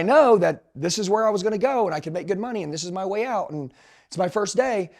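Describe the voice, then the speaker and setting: Man, 40s, sales trainer with a gravelly, fairly high voice. Emphatic, animated motivational storyteller. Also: fast. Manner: emphatic, animated, slangy, addresses listeners as dude.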